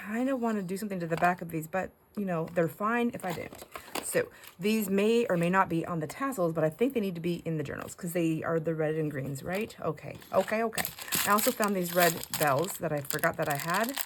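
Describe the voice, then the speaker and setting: A woman's voice: fairly low pitch, brisk, slight background noise, poor audio. Chatty, gushing woman crafter. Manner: chatty and gushing, with frequent laughs and restarts. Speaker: craft channel host. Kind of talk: casual crafting vlog chat.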